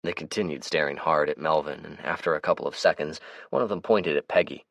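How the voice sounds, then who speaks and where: Deep male narrator, steady audiobook reading, dry close sound. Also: fairly quick, gravelly, dry recording. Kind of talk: scripted narration.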